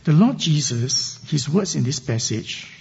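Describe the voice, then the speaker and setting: Husky-voiced man preaching a sermon. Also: a little high, animated, unhurried, a little mellow, muffled recording. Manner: earnest teaching with emphatic scripture readings. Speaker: pastor.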